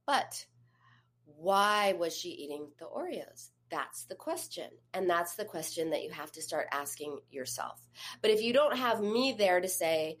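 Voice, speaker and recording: A woman's voice: lowish voice, lively intonation, moderate pace. Woman coach giving direct advice. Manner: conversational, addresses listener directly with questions. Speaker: eating disorder therapist and coach. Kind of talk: advice talk.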